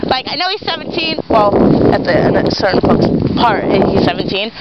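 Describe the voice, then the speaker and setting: A woman's voice: fairly high pitch, big pitch swings, a little fast. A woman in casual, rambling, profane chat with a friend outdoors, laughing and using slang. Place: outdoors near water and trees. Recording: dull lo-fi camera audio, outdoor noise.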